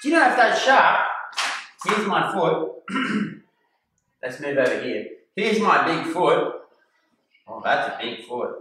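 A man's voice: fairly high pitch, takes it slowly, pauses often, a little hiss or hum. A man, a kindergarten teacher telling a story to young children and acting out gasps and voices. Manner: animated, acts out voices and gasps. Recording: echoey room from far off.

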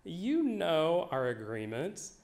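A man voicing his weary, fond mother, sighing and gently dismissive, in a live story. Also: a little high, huge pitch swings, takes it slowly, voice pushed up, full character voice. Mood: matter-of-fact. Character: weary, fond 1970s mother, small woman. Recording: echoey live venue.

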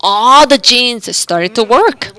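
A woman's voice: a little high, animated, slow, sharp tone. A woman interpreting a doctor's lecture that mixes health teaching with Bible readings, speaking earnestly and steadily.

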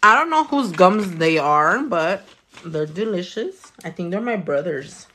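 A woman's voice: fairly low pitch, expressive, a little slow, sharp tone, slightly rough. A young adult woman from California, chatting casually and swearing freely while she does nails on a livestream and reads out viewer comments. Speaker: nail artist livestreaming a tutorial.

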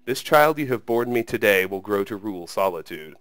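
A man's voice: fairly low pitch, animated, fairly quick, a bit bright, dry recording. A man reading aloud who voices an aging, grief-stricken king in a sad, heavy delivery. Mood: grieving.

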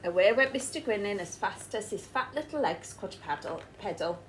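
An English woman teacher reads a picture book aloud in a clear, mid-pitched voice. She speaks to children and stops to ask them questions. Faint noise runs behind her. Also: animated, moderate pace, few pauses, rough recording. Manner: asks the listening children questions. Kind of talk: storybook read-aloud.

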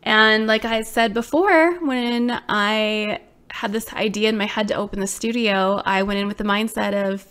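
A woman in her thirties, a small business owner, telling viewers her own story in an animated, exclamatory way, full of "like". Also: mid-range voice, normal speed, clear, resonant tone. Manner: animated, exclamatory, many fillers like "like".

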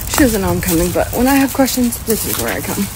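A woman chatting excitedly in a casual vlog, gushing and upbeat, filmed on a phone indoors and outdoors. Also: medium pitch, fast, noisy background. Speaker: vlogger.

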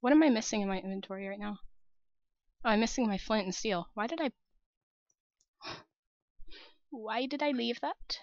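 A woman's voice: fairly high pitch, normal speed, pauses often, no echo, dull audio. A young woman narrating her own game as a let's-play host, nervous and shaky, talking to herself and her viewers. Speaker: gaming channel host.

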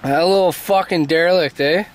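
A man's voice: a little high, moderate pace, a little hiss or hum. A man joking crudely from a car, swearing as he talks. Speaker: worker on the crew. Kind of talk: profane casual chat.

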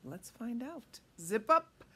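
A woman's voice: on the high side, big pitch swings, slow pace, noisy background. A woman hosting a children's storytime, reading a picture book in a playful, coaxing way and asking the kids questions.

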